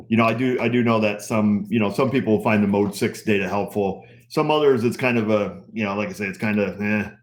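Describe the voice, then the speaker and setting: A middle-aged man hosting a casual live stream for his auto repair channel, chatting in a relaxed, rambling way with plenty of fillers. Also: on the low side.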